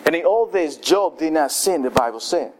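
A man preaching a sermon, telling the story lively and acting out what the people in it say. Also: on the high side, moderate pace, slight background noise. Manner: animated storytelling, acting out quoted voices.

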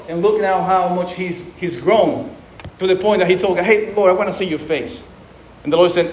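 Man preacher, high voice, casual acted-out quotes, roomy hall echo. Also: moderate pace, darkish tone. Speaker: pastor. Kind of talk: sermon. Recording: echoey room, faint noise.

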